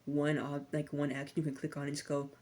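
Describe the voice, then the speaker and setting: A young woman rambles through a sardonic, slang-heavy rant in a low voice. She talks softly for ASMR and now and then slips into whispers. Her tone is warm and relaxed. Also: quick pace. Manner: slangy, sardonic, drifting between soft talk and whispers. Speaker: vlogger.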